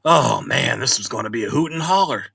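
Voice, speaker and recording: A middle-aged man narrating a horror story in a conversational way, swinging between loud exclamations and hushed asides. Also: mid-range voice, expressive, a little fast, gravelly, husky, no echo.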